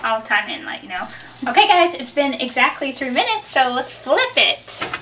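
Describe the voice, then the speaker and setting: A woman's voice: sits high, very animated, moderate pace, a bit bright, slight background noise. A young woman hosting a home cooking video in her kitchen, chatting casually and giggling as she talks viewers through a recipe. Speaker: cooking show host.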